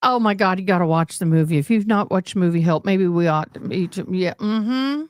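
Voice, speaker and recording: A woman's voice: lowish voice, normal speed, a little mellow, dry recording, studio quality. A woman from Tennessee with a mild Southern accent, hosting a casual livestream chat with viewers in a rambling, talkative way and now and then slipping into playful put-on accents. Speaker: livestream host.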